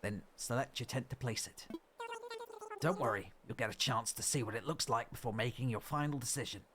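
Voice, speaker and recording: A man voicing a genial older male raccoon businessman in a video game, in a low, hushed, measured voice. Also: crowd noise, close to an everyday voice. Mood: genial, businesslike.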